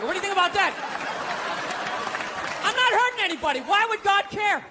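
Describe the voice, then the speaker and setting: A man doing a stand-up comedy set on a large stage, ranting sarcastically with lots of swearing and punchy, animated delivery. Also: very high voice, brisk, very noisy. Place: large stage before a live audience. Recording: live show, loud crowd laughter.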